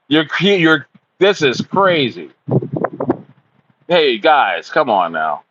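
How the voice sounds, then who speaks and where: A young man chatting casually on a livestream, excitable and rambling, calling his viewers bro and dude. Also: on the high side, takes it slowly, pauses often, lo-fi sound, noisy background. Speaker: crypto livestreamer.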